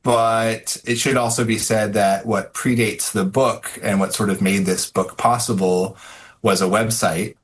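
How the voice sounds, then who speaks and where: A man speaking as a guest author in an interview, thoughtful, with many fillers and restarts. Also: on the low side. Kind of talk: casual interview answers.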